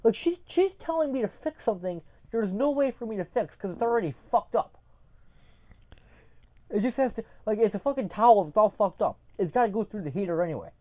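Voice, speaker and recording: Brisk and lively in intonation, a young man's high-pitched, warm voice rants casually with plenty of swearing as he hops between stories as a podcast co-host. There's no room sound, and the lo-fi recording comes across dull.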